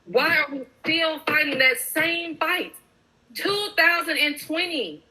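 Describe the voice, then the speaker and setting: A woman's voice: sits high, expressive, slow, sharp tone, low-quality recording. A mother speaking with impassioned emphasis in a casual group discussion.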